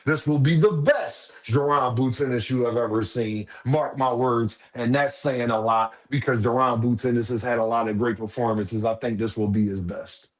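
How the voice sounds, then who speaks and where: A man's voice: medium pitch, a little fast, few pauses. A man hosting a casual boxing live stream, talking straight to his viewers in a preachy, repetitive, profane way.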